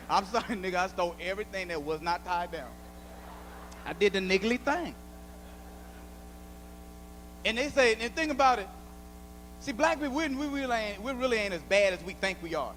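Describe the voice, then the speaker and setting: A man doing a stand-up comedy set, telling stories loudly and acting out the voices of the people in them. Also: sits high, brisk, pauses often, a little hiss or hum, poor audio. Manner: loud animated storytelling, acts out voices. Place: comedy club stage.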